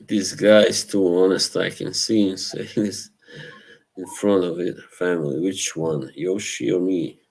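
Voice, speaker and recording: Slow, low-voiced man chatting on stream. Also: fairly even intonation, gravelly, a little mellow, breathy edge, rough recording. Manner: slow, laughing, trying British accents for fun. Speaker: streamer reading chat. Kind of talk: casual live-stream chat.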